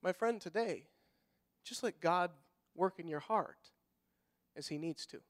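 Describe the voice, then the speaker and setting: A middle-aged pastor preaching a sermon in a folksy manner, rising to loud fervent passages and dropping to quiet, soft-spoken stretches. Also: male voice, high-pitched, unhurried. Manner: folksy, repeats words when fired up.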